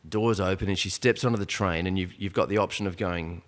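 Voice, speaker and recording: A man telling a tense story in casual podcast chat, animated and full of asides. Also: low voice, a little fast. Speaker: podcast guest. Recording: long reverb, echoey room.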